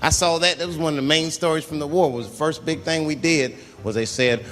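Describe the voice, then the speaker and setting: A man doing a stand-up comedy routine, swinging between loud outbursts and muttered asides as he acts out characters. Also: on the high side, steady tone, fairly quick, few pauses. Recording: live hall reverb with audience noise.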